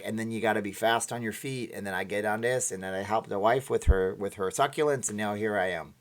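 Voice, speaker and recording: A man hosting a casual livestream, chatting in a rambling way and laughing between remarks, his voice slightly hoarse. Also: on the low side, fast, hardly any pauses. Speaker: livestream host.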